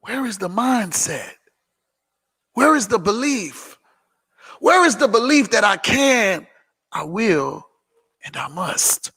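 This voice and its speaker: A man giving an emphatic, preachy motivational business talk on a livestream, repeating phrases and sometimes shouting. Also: sits high, expressive, slow, pauses often, slightly rough, in a large hall. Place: indoor room filming himself on several cameras.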